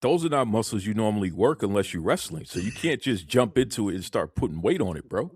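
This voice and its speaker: A man's voice: fairly low pitch, big pitch swings, quick pace, a little mellow, husky, no echo. A man hosting a podcast, giving hype-man intros and laughing a lot with his co-host. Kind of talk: casual podcast chat.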